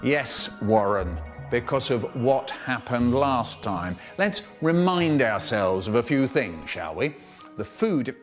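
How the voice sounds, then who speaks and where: Animated man telling a spliced children's story. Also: soft background music. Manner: animated, drawn-out words, sudden squeaky pitch jumps.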